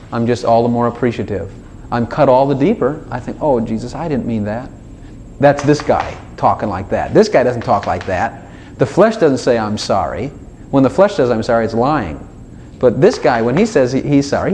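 Animated man preaching an informal sermon. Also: mid-range voice, a little hiss or hum. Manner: animated, acts out dialogues with God in shifting voices.

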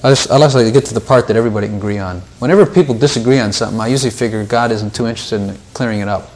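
A man's voice: fairly low pitch, very fast, a little mellow. A man leading an informal Bible study, talking things through casually, repeating words and lifting his voice when he quotes scripture.

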